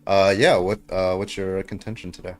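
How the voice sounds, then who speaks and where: A man's voice: sits low, fairly even intonation, moderate pace, faint music behind. A tired man hosting a debate livestream, chatting casually, laughing and swearing often. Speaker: debate stream host.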